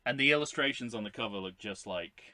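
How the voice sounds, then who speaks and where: A man's voice: on the low side, expressive, quick pace, bright, forceful tone, no echo. A man co-hosting a podcast in casual chat, joking wryly with lots of restarts. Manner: wry, joking, many restarts. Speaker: podcast co-host.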